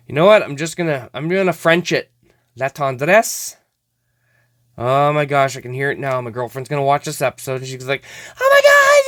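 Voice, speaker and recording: A man talks through a card-opening session in a relaxed, chatty manner. His pitch swings widely as he exclaims over finds and laughs at himself. He speaks slowly, and the voice sounds dry and close. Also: no room sound. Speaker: host of a hockey card opening show. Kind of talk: casual card-opening commentary.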